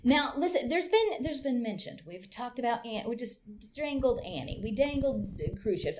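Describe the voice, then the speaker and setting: A woman's voice: fairly high pitch, big pitch swings, moderate pace, few pauses, background noise. A woman from Colorado, a podcast guest, telling a self-deprecating story in casual chat. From Colorado, United States.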